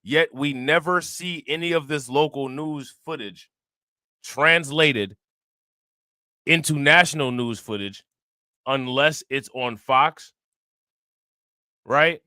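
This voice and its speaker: This man talks casually over news clips with a bright, forceful tone, close to a dry mic. He keeps putting questions straight to his audience. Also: on the high side, takes it slowly, long pauses, no echo. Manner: fires rhetorical questions at viewers. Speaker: reaction channel host. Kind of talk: casual commentary.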